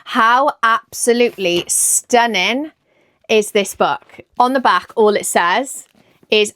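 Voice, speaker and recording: A woman with a Welsh accent, chatting excitedly about books she plans to read and often second-guessing herself. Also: fairly high pitch, slow pace, dry recording. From Wales. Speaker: book vlogger. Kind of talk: casual chat about books.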